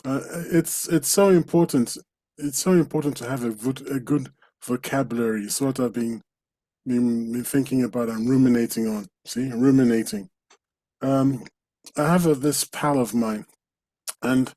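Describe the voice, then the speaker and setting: A man co-hosting a talk podcast, deadpan and wry, with a hesitant delivery. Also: mid-range voice, moderate pace, dry recording, poor audio. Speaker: podcast co-host. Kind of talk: casual chat.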